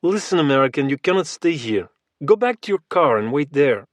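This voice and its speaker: A man doing a flat Russian giant. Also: a little high, brisk, no room sound. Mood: threatening. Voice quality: flat, expressionless. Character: hulking young male Russian thug, cold and flat.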